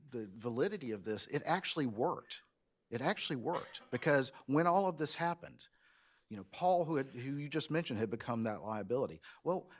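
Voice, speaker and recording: A man argues an appeal before a panel of judges. His voice sits in an ordinary middle register, and he gathers momentum as he goes, restarting phrases and then pressing on earnestly. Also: medium pitch. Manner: earnest, builds momentum, frequent restarts and fillers. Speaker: prosecutor arguing an appeal. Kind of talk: courtroom oral argument. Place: appeals courtroom.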